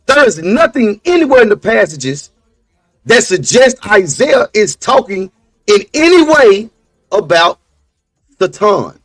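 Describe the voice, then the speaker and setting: Emphatic high-voiced man preaching his point. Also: big pitch swings, unhurried, a bit bright, dry recording, soft background music. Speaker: podcast co-host. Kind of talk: casual religious discussion.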